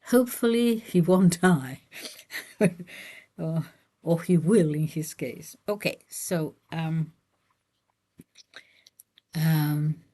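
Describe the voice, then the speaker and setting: A woman's voice: deep voice, extremely slow, pauses often, warm tone. A woman reading a novel aloud and adding chatty asides, with fillers and restarts between passages. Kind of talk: reading aloud with casual commentary.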